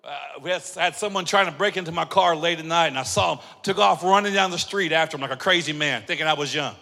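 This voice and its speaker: A high-voiced male pastor with a gravelly, bright edge preaches in a sermon, telling stories and acting out voices before rising into shouts. His voice rings with long reverb in a large church sanctuary. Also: fast. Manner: animated storytelling, acts out dialogue, builds to shouting.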